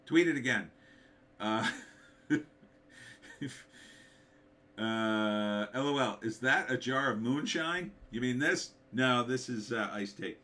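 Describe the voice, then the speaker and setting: A middle-aged man, slightly hoarse, hosting a casual livestream, thinking aloud and reading out viewer comments with hums and fillers. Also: mid-range voice, takes it slowly, long pauses, pushed and bright. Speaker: livestream host, author.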